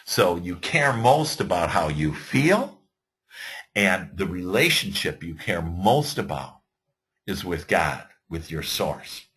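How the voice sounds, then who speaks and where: A man giving an earnest motivational talk to entrepreneurs, animated, with frequent fillers and restarts. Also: low voice, slow, breathy edge. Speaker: motivational speaker. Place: virtual webinar.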